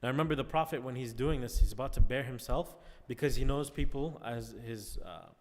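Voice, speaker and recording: A man's voice: medium pitch, brisk. A man teaching a class in a conversational lecture, often checking in with his listeners. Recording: long reverb.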